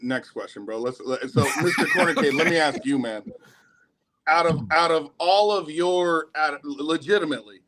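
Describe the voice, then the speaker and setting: An animated man chatting on a late-night livestream, his voice sitting a little high. He tells stories loosely, swears freely and acts out the people he quotes. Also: moderate pace, very noisy. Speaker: guest on a livestream chat. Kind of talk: casual chat.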